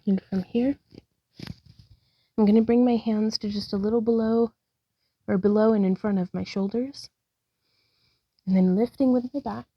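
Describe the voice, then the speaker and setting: A woman's voice: medium pitch, steady tone, normal speed, long pauses, no echo, dull audio. A woman narrating her own yoga practice, talking through poses with frequent sighs, out of breath and upbeat as she encourages herself. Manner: breathy, sighing between cues. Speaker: yoga vlogger.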